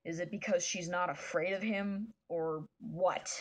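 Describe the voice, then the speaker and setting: A woman's voice: fairly low pitch, fairly even intonation, unhurried. A woman reading as a grumbling, jealous comic bear. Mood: angry.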